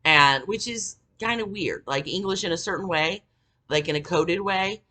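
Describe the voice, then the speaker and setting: A woman's voice: on the low side, normal speed, sharp tone. A middle-aged woman telling a story in a casual monologue, rambling and swearing, with lots of fillers and an indignant edge. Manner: rambling, profane, many fillers. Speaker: vlogger.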